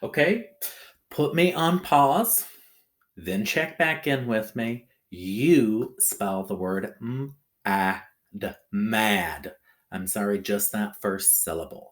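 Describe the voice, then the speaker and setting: A man teaching a recorded phonics lesson to children, talking in a slow, sing-song way and checking in often with the listener. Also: on the low side, expressive. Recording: echoey room.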